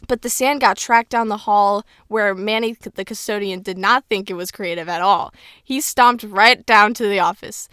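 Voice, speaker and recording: A woman's voice: mid-range voice, moderate pace, pushed and bright, clear, resonant tone, dry recording, studio quality. Giggly woman reading a book aloud. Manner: giggly, stumbles over words while reading. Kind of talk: casual reading aloud with banter.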